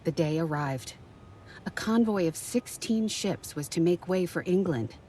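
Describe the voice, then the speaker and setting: A calm granddaughter narrator with a mellow tone. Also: female voice, fairly low pitch, a little hiss or hum. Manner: calm, measured, even storytelling. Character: adult granddaughter calmly telling her grandmother's story. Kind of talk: scripted documentary narration.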